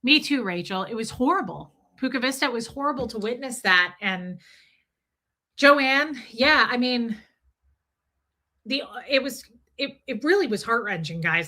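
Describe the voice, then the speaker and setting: A woman hosts a casual livestream, talking straight to her viewers and answering their comments as they come in. Her voice is bright and forward. She speaks in a chatty, emotional way, often restarting her sentences. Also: on the high side, normal speed.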